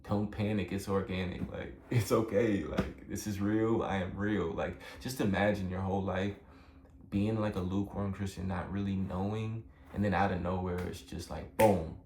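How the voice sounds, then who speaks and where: A man's voice: deep voice, steady tone, moderate pace, a little mellow. A young man telling a personal story in a casual, rambling way, earnest and emotional, full of fillers. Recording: echoey room with faint background noise.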